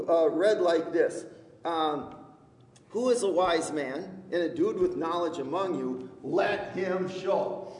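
A male pastor delivers a sermon at an unhurried pace, stopping often on fillers and restarts, with a light conversational humor. His voice sits a little high for a man. The sound is roomy and carries a long church reverb, picked up by a distant mic. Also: darkish tone. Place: church sanctuary. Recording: echoey hall, distant mic.

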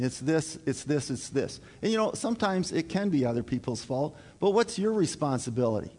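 Man, middle-aged, folksy sermon, halting with fillers, slightly high voice, long hall reverb. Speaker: preacher.

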